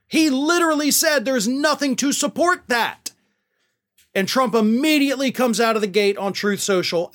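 A man's voice: high-pitched, fairly bright tone. A man hosting a political commentary show, talking in a sarcastic, exasperated way. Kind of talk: opinionated commentary monologue.

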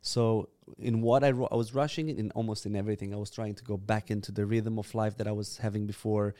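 A man from Romania, a guest on a podcast interview, answering in a cheerful, reflective, halting way. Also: fairly low pitch, little pitch movement, mellow, no room sound. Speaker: guest, church leader.

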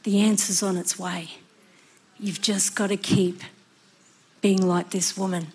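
A woman preaching a sermon, earnest and expressive, sometimes acting out the voices of people in her story. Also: mid-range voice, measured pace, husky. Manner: expressive, acts out voices and cries.

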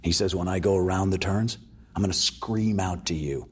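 A man's voice: sits low, normal speed, slightly rough. A man telling a story as an interview guest, acting out the voices of the people in it.

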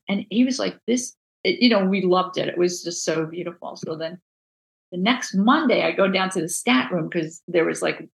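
A woman with a New Jersey accent, a book designer telling stories in a casual interview, animated and full of restarts. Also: medium pitch, gravelly, poor audio. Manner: animated, acts out quoted voices, many restarts.

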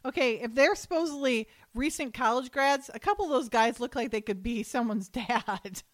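Chatty woman retelling a story. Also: on the high side. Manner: animated retelling with quick quoted voices and laughs. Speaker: podcast co-host. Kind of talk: casual chat recapping an episode.

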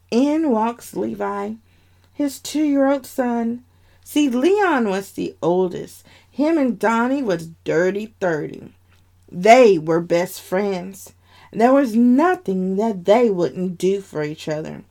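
A woman's voice: mid-range voice, lively intonation, slow, gravelly, warm tone. A woman narrating a dramatic story in the first person, with heartfelt emotion.

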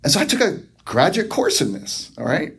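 A middle-aged man, a psychotherapist, talking in a slow, reflective way and checking in often with "right?". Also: on the high side, huge pitch swings, gravelly, breathy edge. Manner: slow, reflective, warm storytelling with frequent "right?" and "um". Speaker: psychotherapist guest. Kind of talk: conversational podcast interview.

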